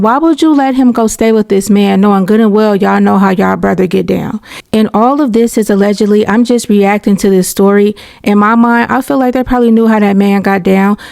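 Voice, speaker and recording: A woman's voice: medium pitch, creaky, a little mellow. A woman hosting casual reaction commentary, candid and opinionated, talking in a conversational way with slang.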